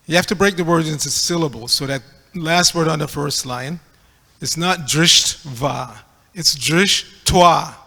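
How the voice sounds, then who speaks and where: A man's voice: fairly high pitch, vocal fry, fairly bright tone, breathy edge, in a large hall. A man giving a scripture class, reading aloud and correcting pronunciation in a teacherly way. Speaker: class speaker. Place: temple hall.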